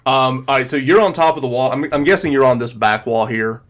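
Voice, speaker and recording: A man's voice: medium pitch, brisk, a bit bright. A man narrating a tabletop game as game master, describing scenes loosely with plenty of ums and likes. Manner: rambling, filler-heavy descriptions.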